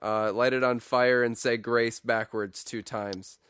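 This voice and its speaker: A man's voice: mid-range voice, fairly even intonation, unhurried, a bit bright, clean tone, dry recording. A man co-hosting a podcast, rambling and playful with many fillers, on a podcast microphone. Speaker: podcast co-host. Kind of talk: casual joking podcast chat.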